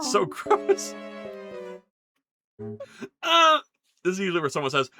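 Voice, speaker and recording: Streamer, chatty self-talk, lively swooping pitch, sudden yelled swearing, faint music behind. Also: normal speed, pauses often. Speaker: live streamer. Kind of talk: casual live-stream chat while working.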